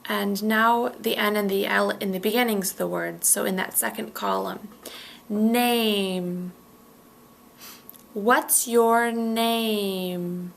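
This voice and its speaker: Woman teacher doing slow pronunciation drills, says words twice, bit of vocal fry. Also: medium pitch, fairly even intonation. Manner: models words carefully, repeating each one.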